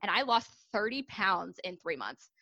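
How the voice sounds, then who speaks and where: A woman's voice: medium pitch, sing-song, normal speed, sharp tone, dry recording. A young adult woman, a fitness coach, telling her story in a casual, candid podcast interview, with many ums and likes.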